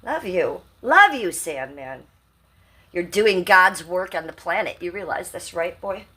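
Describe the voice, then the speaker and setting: A woman's voice: lowish voice, expressive, unhurried, sharp tone. A woman in her fifties hosting a casual livestream, brash, profane and rambling as she reads out chat comments. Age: 50s. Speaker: livestream host.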